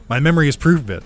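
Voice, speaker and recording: A young man doing casual let's play commentary, excitable, laughing often and swearing freely. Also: a little high.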